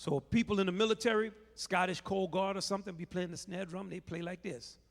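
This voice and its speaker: A man's voice: sits high, steady tone, brisk, heavy background noise. A middle-aged man with a New Orleans accent, leading a playful live music lesson for children and teasing the crowd with call and response. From New Orleans, USA. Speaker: bandleader teaching children. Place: large convention hall stage, live audience. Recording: long reverb of a big hall.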